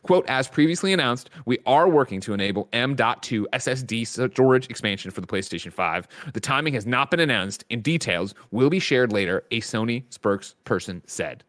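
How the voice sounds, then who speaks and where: A man hosting a gaming news show talks in a lively, animated way. He jokes with his co-host and reads news stories aloud. His voice sits at a middle pitch. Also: a little fast, hardly any pauses. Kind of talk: casual gaming news chat.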